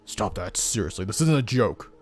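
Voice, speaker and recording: A man's voice: fairly low pitch, expressive, moderate pace, darkish tone, soft background music, natural voice. A man playing a weary, stern police boss of about sixty in a game, grumbling and dismissive. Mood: gruff.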